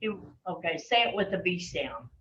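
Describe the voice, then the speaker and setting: A woman language teacher leading an online class, patiently calling on students and gently correcting their pronunciation. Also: on the low side, expressive, normal speed, slight background noise. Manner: patient, encouraging, calls on students by name. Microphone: video call. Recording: lo-fi video call audio.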